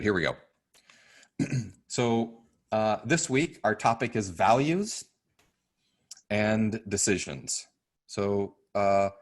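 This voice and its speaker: Male course instructor, slightly low voice, chatty, tosses in "right?" a lot. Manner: conversational, uses many fillers and "right?"; acts out quoted voices, loud and soft. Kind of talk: teaching a class.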